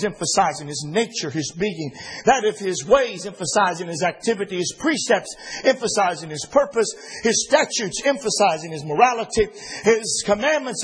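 Man preaching, very high voice, husky, fervent sermon with many fillers. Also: fairly bright tone, low-quality recording. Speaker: pastor. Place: church sanctuary.

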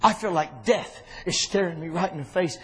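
A man's voice: high-pitched, fairly quick, a little hiss or hum, lightly acted. A preacher voicing a sorrowful man facing death.

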